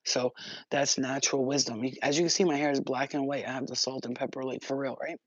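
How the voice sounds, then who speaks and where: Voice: mid-range voice, fairly even intonation, fast, husky, no echo. A spiritual livestream host in casual, profane chat who often acts out other people's voices. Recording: dull lo-fi dry sound.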